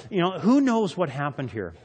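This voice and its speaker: A male pastor gives a sermon in a slightly high voice, moving from loud, punchy lines to quiet, intense ones as he reads and explains scripture. The sound carries a long echo, as if in a church hall. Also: huge pitch swings, moderate pace, breathy edge. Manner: dramatic scripture reading with lots of shifts in loudness.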